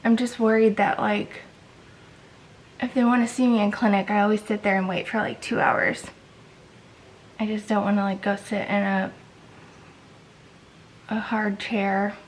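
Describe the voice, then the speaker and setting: A woman's voice: mid-range voice, flat delivery, measured pace, vocal fry, long pauses, slight background noise, low-quality recording. A sick woman with a congested voice, chatting casually and rambling through a home vlog. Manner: tired, rambling, many likes and restarts. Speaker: vlogger.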